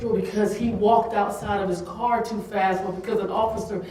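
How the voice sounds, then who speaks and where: A woman's voice: medium pitch, steady tone, normal speed, darkish tone, slight background noise. A woman giving an earnest, emotional speech at a summit, with laughing asides, recorded in a large conference room. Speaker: keynote speaker. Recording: echoey hall, mic from far off.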